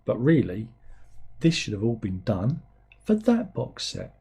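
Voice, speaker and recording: A man's voice: medium pitch, big pitch swings, unhurried, warm tone, slight background noise. A middle-aged man, hosting a livestream in casual chat. He rambles and mocks himself as he reads out viewers' comments. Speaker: livestream host.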